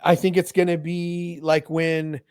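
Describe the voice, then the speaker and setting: A man with a fairly high voice co-hosts a casual podcast, rambling eagerly from one thought to the next. The sound is close and dry. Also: monotone, a little slow, darkish tone, clean tone, dry recording. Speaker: podcast co-host. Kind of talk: casual chat.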